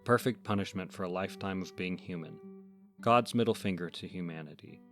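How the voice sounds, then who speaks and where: Soft, low-pitched background music accompanies a male story-podcast host. He reads a first-person horror fable in an even, deadpan, clearly scripted delivery.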